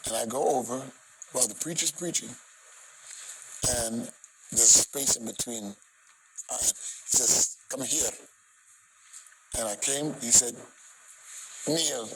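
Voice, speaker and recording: A man, a gospel singer, telling a personal story in an interview, dramatic and acting out voices and shouts. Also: mid-range voice, steady tone, slow pace, long pauses, noisy background.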